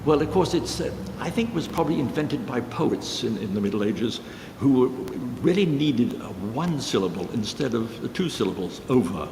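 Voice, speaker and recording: A man musician telling a rambling story in a casual way, pausing with fillers. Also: medium pitch, sing-song, vocal fry, noisy background. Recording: reverberant hall with guitar music.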